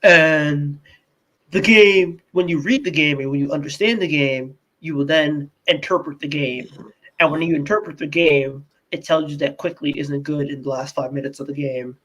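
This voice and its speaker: A man putting on the voice of a gruff, condescending basketball coach who lectures and talks down to his listeners. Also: on the high side, steady tone, normal speed, fairly bright tone, pitched below the performer's own voice, low-quality recording. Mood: patronizing. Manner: lecturing, self-important, mocking.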